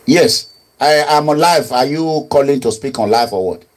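A man's voice: medium pitch, normal speed. A man hosting a live online call-in, pleading and repeating himself. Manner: pleading, repeats himself, switches into Nigerian pidgin. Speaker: online talk host. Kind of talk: live-streamed call-in talk.

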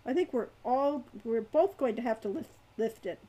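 A woman reading aloud and voicing an earnest, kindly young man who speaks gently and reasonably. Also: extremely high pitch, normal speed.

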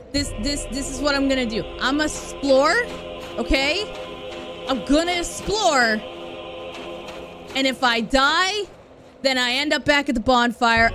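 A woman streamer talking chattily and expressively to her chat while she plays a game, swinging from gushing to grumbling. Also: high-pitched. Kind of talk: live game streaming commentary. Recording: game music playing behind.

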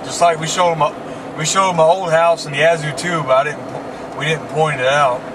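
Folksy southern guy chatting while he drives, a bit high voice, loud road noise. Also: fairly even intonation, normal speed. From Mississippi. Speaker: vlog host. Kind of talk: casual chat while driving. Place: inside a car driving through town. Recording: road noise from a moving car.

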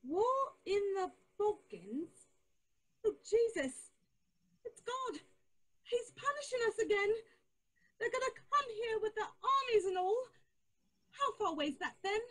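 An actress playing an old, devout, superstitious nursemaid who frets and preaches doom. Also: female voice, very high-pitched, sing-song, a little slow, pauses often, fairly bright tone, exaggerated voice, poor audio. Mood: frightened.

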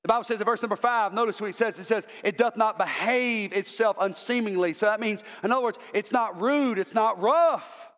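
A man's voice: sits high, fairly quick, few pauses, fairly bright tone, big-room sound. A male pastor preaching an impassioned sermon, repeating words as he builds to emphatic calls. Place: church sanctuary.

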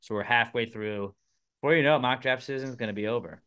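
Young man, podcast host, bright forceful voice, casual joking chat, loud bursts and mutters. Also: mid-range voice, fast, clear, resonant tone. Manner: animated, jokey, swings between loud bursts and mutters.

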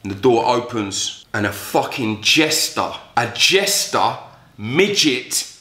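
A man's voice: mid-range voice, lively intonation, slow pace, sharp tone. Profane man telling a story. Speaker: vlogger. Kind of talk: storytelling vlog. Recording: roomy echo.

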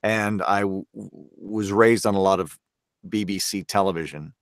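This Canadian man, a voice actor appearing as a podcast guest, talks earnestly and criticizes himself in a relaxed interview. He has a deep voice and a moderate pace. The audio is clean studio sound without echo.

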